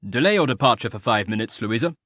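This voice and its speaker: A man's voice: medium pitch, lively intonation, fast talker, fairly bright tone, no echo, studio quality. A man reading an audiobook voices an idle, teasingly ironic aristocratic marquis who talks in a mock-mournful drawl.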